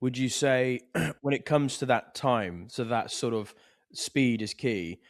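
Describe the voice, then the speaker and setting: A laddish man with a mid-pitched voice, recorded dry and close. He chats on a podcast call, laughing easily, swearing and calling everyone mate. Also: slow, dry recording. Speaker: podcast co-host. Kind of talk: casual banter among friends.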